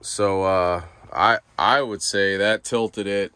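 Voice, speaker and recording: A man's voice: fairly low pitch, fairly even intonation, takes it slowly, pushed and bright, smooth, no room sound. A man vlogging from inside his truck cab, explaining a repair in a laid-back, rambling way with lots of fillers and restarts. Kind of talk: casual how-to vlog.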